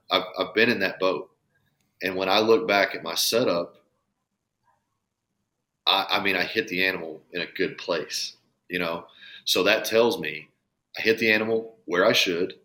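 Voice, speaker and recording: A man's voice: low-pitched, pushed and bright. A man talking earnestly and emphatically on a casual podcast, swearing now and then. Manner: earnest, emphatic, profane at times. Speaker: podcast guest, bowhunter.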